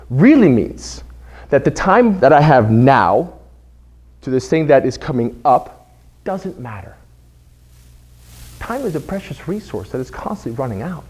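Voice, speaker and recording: A man's voice: fairly high pitch, breathy edge. A man giving a prepared club speech, telling a story and acting out the voices of the people in it. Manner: animated storytelling, acts out quoted voices. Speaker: club speaker.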